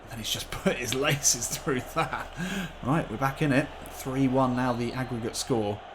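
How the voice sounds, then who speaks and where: A man commentating on his own football video game play, getting excitable at the chances. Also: mid-range voice, normal speed, noisy background. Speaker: gaming YouTuber. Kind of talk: gameplay commentary.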